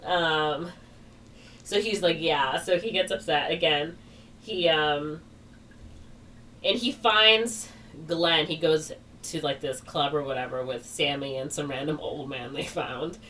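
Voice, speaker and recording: A woman with a low voice rambles through a casual retelling and fills it with "like" and "or whatever". She sits a little back from the mic, and a faint hiss of noise stays under her voice. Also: slow pace, fairly bright tone, far from the mic. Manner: rambling, heavy on fillers like "like" and "or whatever". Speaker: podcast co-host.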